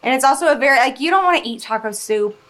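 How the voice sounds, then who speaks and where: A woman's voice: sits high, lively intonation, fast talker, fairly bright tone. A woman with a Southern US accent, a guest chatting emphatically about cooking and dating. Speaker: guest cook. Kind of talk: casual chat.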